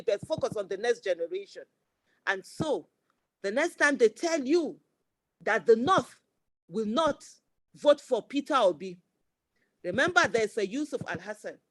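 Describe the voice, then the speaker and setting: Woman, 40s, Nigerian accent, high-pitched, passionate rally-style speech, dry recording. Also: dry recording. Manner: fervent, repetitive rhetoric. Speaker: speaker at a campaign fundraiser. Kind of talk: impassioned speech.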